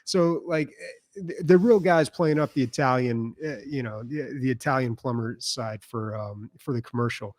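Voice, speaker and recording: A man's voice: mid-range voice, moderate pace, no room sound. A man co-hosting a casual gaming podcast, telling a long story with lots of fillers and restarts. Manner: rambling, filler-heavy storytelling. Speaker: podcast co-host. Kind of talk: casual chat.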